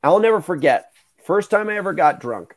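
A young man hosting a podcast, telling stories in a casual, animated way, swearing and acting out the voices of the people in them. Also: high-pitched, brisk, noisy background. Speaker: podcast host. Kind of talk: casual storytelling chat.

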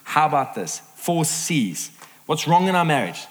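A middle-aged man preaching a sermon to a live audience, lively and acting out the voices he quotes. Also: fairly high pitch, measured pace. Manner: animated, acts out quoted voices. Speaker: pastor. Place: large hall with audience. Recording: reverberant hall.

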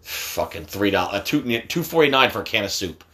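Man, 40s, bright, lively pitch, profane, loud, casual sports chat. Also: fairly quick. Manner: loud, profane, jumps to sudden yelling.

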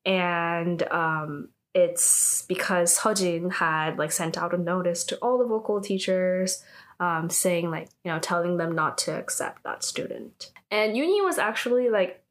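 A young woman chattily retelling a drama episode, using "like" constantly and breaking into animated reactions. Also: on the low side, unhurried. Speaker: drama recap vlogger.

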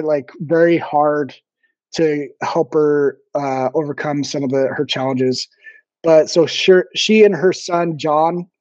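A man, a former missionary, telling stories as a podcast guest in a casual, halting way, with frequent ums and restarts. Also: fairly high pitch, a little mellow, no echo. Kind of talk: casual interview storytelling. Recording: dull, dry lo-fi sound.

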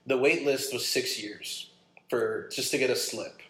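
A man's voice: medium pitch, moderate pace. Roomy-sounding man telling a story. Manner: animated, acts out his own quotes. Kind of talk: casual storytelling. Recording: roomy echo.

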